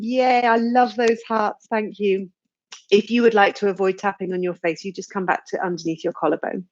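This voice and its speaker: Woman guiding a slow, soothing tapping session. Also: medium pitch, highs cut off. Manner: slow, soothing guidance with sighs and yawns. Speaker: tapping practitioner leading a live session. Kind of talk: guided tapping session, live stream.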